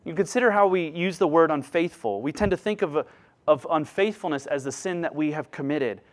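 A middle-aged man preaches as pastor in a brisk, fairly high voice, earnest throughout. He voices quoted characters and alternates between booming emphasis and hushed remarks.

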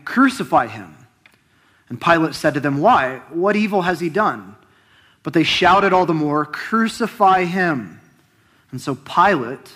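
A man's voice: medium pitch, a bit bright. A man preaching as pastor, speaking earnestly and reading a long scripture passage aloud with rising emphasis on the quoted words. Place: church.

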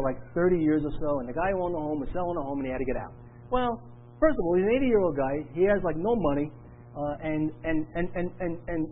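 A man's voice: extremely high pitch, phone-quality sound. A middle-aged man preaching a sermon with earnest, repetitive emphasis. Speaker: pastor.

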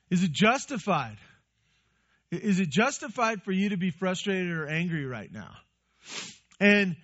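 A man's voice: high voice, fairly bright tone, muffled recording. Man preaching a conversational sermon. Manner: conversational, asks the congregation questions. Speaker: pastor.

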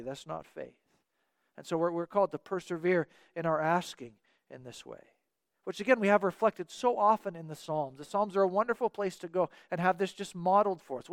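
A man's voice: high voice, no echo, studio quality. A man preaching a sermon as pastor, earnest and repeating words for emphasis.

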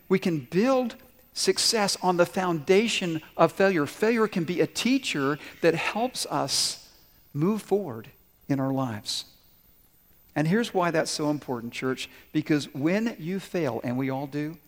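A male pastor preaches a sermon with a slightly raised pitch. He tells stories with lively acted-out quotes. His voice rings out with a long hall reverb. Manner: storytelling, animated quoting of characters.

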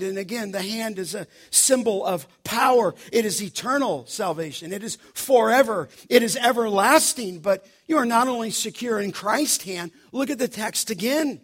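A male pastor preaching with a high, ringing voice. He leans hard on key phrases and slows down to stress them, delivering the sermon with steady conviction.

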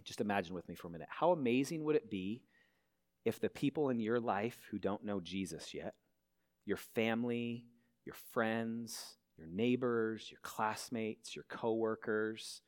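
A man's voice: on the low side, unhurried. A man pastor preaching a sermon in a church, earnestly asking his listeners questions. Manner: earnest, asks the congregation many questions. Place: church hall.

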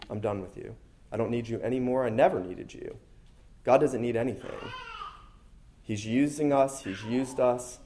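A pastor preaches to his congregation in a mid-range, warm male voice. He is earnest and emphatic, often repeating his key phrases.

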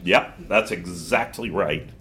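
A man hosting a book podcast, retelling the story in casual, animated talk and quickly agreeing with his co-hosts. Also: low-pitched. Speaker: podcast host.

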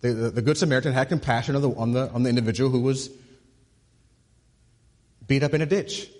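A male pastor preaching a sermon, repeating words as he builds to a point and dropping low and soft on key phrases. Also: fast. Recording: husky voice with long hall reverb.

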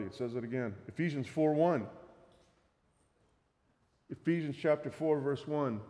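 A man preaching a sermon, reading Bible passages aloud and explaining them with measured emphasis. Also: fairly high pitch, dull audio. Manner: reads scripture aloud, then teaches. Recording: reverberant hall.

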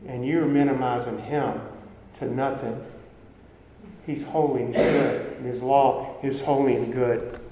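A man's voice: medium pitch, steady tone, measured pace, dark tone, slight background noise. A man preaching a sermon in an earnest, conversational way, often restarting phrases and acting out quoted voices. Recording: echoey hall with faint ambience.

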